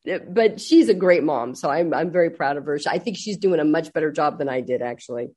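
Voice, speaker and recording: An older woman chatting as a guest on a talk show. She tells family stories in an animated way and acts out the voices of the people in them. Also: sits low, a little fast, breathy edge. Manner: animated storyteller acting out quotes. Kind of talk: casual chat.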